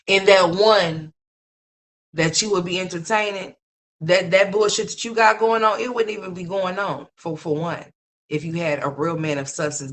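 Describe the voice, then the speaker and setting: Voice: mid-range voice, a bit bright. A commentator delivering unscripted gossip commentary in a blunt, profane, scolding way, rambling and repeating phrases for emphasis.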